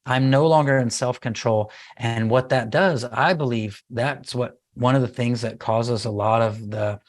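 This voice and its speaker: A middle-aged man talking as a podcast guest about raising kids. He tells the story in an animated way, and he slips into the voices of himself and his small son as he goes. His pitch sits right in the middle for a man. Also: measured pace. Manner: animated storyteller, acts out his child's lines. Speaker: guest speaker on parenting. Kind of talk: conversational podcast interview.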